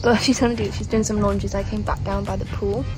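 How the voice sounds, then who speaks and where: A woman's voice: mid-range voice, flat delivery, fast talker, low-quality recording. A young woman chatting casually and laughing often as she films a travel vlog on a handheld phone, walking around outdoors and inside a hotel room. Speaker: travel vlogger. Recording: music playing under the voice.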